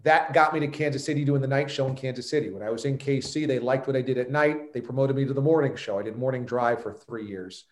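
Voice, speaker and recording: Talking fast with few pauses, this medium-pitched man is heard in a reverberant space. He's a sports radio host from New York, a guest on a podcast interview, recounting his story with emphatic self-assurance.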